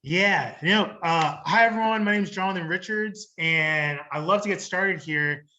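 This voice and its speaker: A man presenting an investment pitch over a video call, relaxed and joking while he sets up his screen. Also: moderate pace, lo-fi sound.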